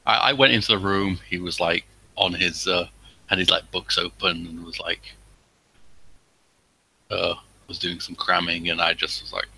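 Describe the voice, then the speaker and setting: Casting: deep, husky man, hesitant tabletop player with a sharp edge. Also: flat delivery, moderate pace, rough recording. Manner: hesitant, filler-heavy. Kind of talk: casual tabletop play.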